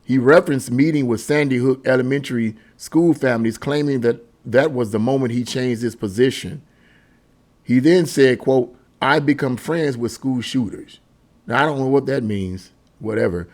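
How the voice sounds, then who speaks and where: A man's voice: mid-range voice, normal speed, a little mellow. Indignant male political commentator. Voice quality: emphatic, indignant, repeats himself. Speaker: political commentary channel host.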